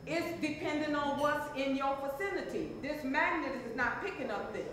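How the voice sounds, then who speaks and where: A woman's voice: sits high, normal speed, a crowd in the background. A woman speaking as a transformational coach to a live audience, calling for responses and repeating phrases for emphasis. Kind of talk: motivational seminar talk to a live audience. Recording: very echoey hall.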